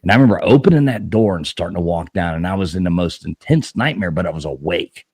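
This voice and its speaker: A man with a deep voice that swings widely in pitch, hosting a casual live stream. He rambles through his stories with plenty of "you know"s and false starts. The sound is close and dry. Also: animated, quick pace, darkish tone, slightly rough, no echo. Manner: rambling storytelling, many fillers and restarts. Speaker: host of a live paranormal talk stream. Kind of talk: casual chat.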